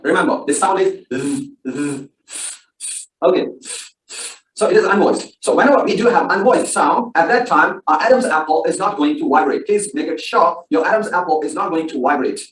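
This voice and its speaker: A man's voice: on the high side, expressive, normal speed, a bit bright. A man presenting a recorded pronunciation tutorial, saying each word and then contrasting it with its wrong form. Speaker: video presenter. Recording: distant roomy video playback.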